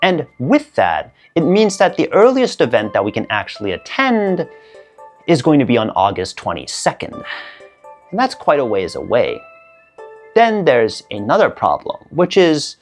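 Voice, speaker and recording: Sex: woman. Pitch: very low, swinging widely. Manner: wry deadpan narration. Behind: faint music. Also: normal speed. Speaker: channel host. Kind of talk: scripted comedic narration.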